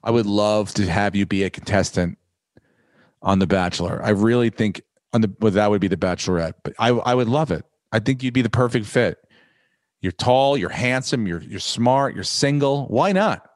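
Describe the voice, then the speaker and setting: A man hosting a podcast, ranting in a profane, rambling, animated way. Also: fairly low pitch, moderate pace, dry recording. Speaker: podcast host. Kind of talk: casual podcast chat.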